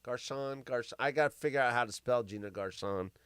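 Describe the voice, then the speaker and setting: A man with a mid-range voice and clean tone talks briskly while hosting a live stream. Animated and full of wisecracks, he riffs on news stories and swears freely. The recording is dry, with clean studio sound.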